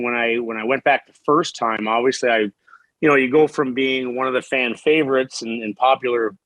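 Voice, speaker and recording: A man's voice: medium pitch, no room sound, rough recording. Candid, profane man telling stories. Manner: candid, profane, animated storyteller with frequent restarts. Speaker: podcast guest, former hockey player. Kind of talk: casual storytelling interview.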